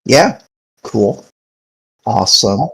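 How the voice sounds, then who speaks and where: A man's voice: fairly low pitch, very animated, drawn-out words, gravelly, breathy edge, low-quality recording. A young man acting as game master, casually narrating a tabletop game and laughing often.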